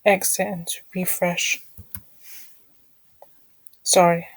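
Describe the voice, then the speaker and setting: A woman's voice: lowish voice, little pitch movement, extremely slow, no room sound, low-quality recording. A woman vlogging casually, talking through her screen, apologizing often and muttering irritated asides under her breath.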